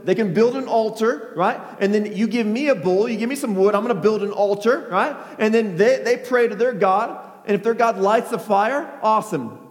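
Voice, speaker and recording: A man preaching a sermon, retelling a Bible story in a lively way with frequent "right?" asides and a hush for quoted lines. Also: sits high. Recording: echoey hall with long reverb.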